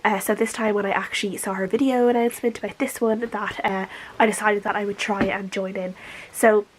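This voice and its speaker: A woman's voice: medium pitch, steady tone, a little fast, slight background noise, low-quality recording. A young woman with a stuffy nose from a cold, chatting casually in a book vlog from her room, with lots of ums and uhs. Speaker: book vlogger. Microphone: camera.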